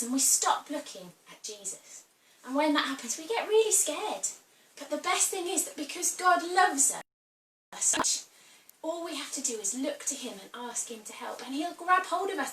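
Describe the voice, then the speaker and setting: A woman leading a children's church lesson at home, telling a Bible story with props in an animated way. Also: on the high side, a little hiss or hum. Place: home room during lockdown. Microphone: camera some distance away. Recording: roomy, distant camera mic.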